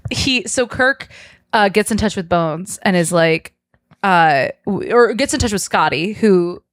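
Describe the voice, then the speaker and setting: A woman's voice: medium pitch, animated, unhurried, dry recording. Woman podcast host retelling a story, chatty, quotes characters, dry close sound.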